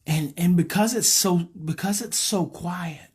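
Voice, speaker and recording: Man coaching in slow repeated phrases. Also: high-pitched, darkish tone, husky. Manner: slow, repetitive, coaching cadence. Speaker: parenting educator. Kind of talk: guided emotional exercise talk.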